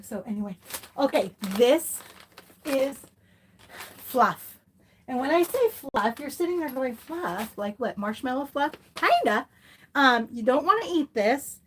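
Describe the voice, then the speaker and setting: A middle-aged woman with a slightly high voice, talking casually to her viewers as she shows off yarn and fiber. She gushes over each piece and wanders into chatty asides, filling gaps with ums. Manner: gushing and chatty, with fillers and asides. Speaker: fiber crafts vlogger. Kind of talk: casual yarn haul chat.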